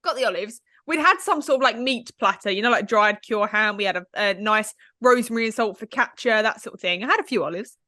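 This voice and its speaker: A woman co-hosting a podcast tells a story in casual chat, quoting people by acting them out with self-mocking humor. Her mid-range voice is sharp and fast with hardly any pauses. She's on camera with a studio microphone, giving a clean sound with no echo.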